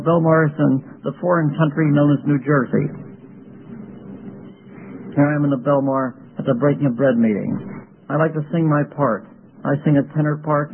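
Folksy older preacher on a tinny radio broadcast. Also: male voice, a little high, slight background noise. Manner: folksy, joking storyteller. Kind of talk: sermon with personal anecdotes.

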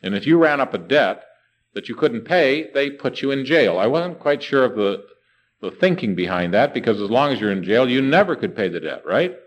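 Male preacher, sermon delivery, animated pitch, rhetorical questions. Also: low-quality recording. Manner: rhetorical questions, slows down to stress words.

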